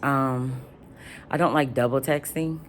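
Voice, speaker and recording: A woman's voice: extremely low pitch, fairly even intonation, unhurried, a little hiss or hum. A woman vlogger in casual chat, answering questions, chatty and rambling with frequent ums.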